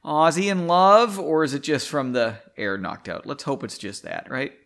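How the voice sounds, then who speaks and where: Man doing a nervy young heroine, high and pleading, lively swings. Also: normal speed. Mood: nervous. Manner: apologetic, pleading. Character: nervous, jumpy young woman ally.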